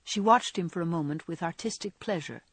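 A woman narrating a classic novel as an audiobook, measured and expressive. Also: on the low side, breathy edge, dry recording.

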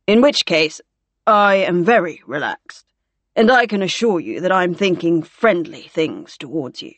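A woman's voice: fairly low pitch, lively intonation, measured pace. A woman reading the part of a wry, teasing male naval commander in an audiobook.

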